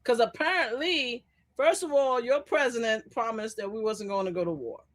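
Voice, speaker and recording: A woman calling in as a guest on a live stream, talking loud, animated and sassy in casual political chat. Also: on the high side, moderate pace. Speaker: guest commentator.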